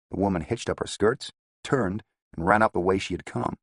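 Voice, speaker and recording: A man reading an audiobook in a steady, descriptive first-person narration. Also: low voice, moderate pace, breathy edge, dry recording, studio quality.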